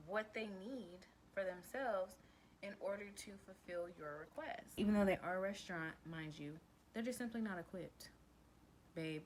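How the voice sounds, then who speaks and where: A woman's voice: mid-range voice, normal speed, slight background noise, poor audio. A woman vlogger talking casually to camera, giving advice in a chatty, emphatic way and calling the viewer girl and babe. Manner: glances down at written notes.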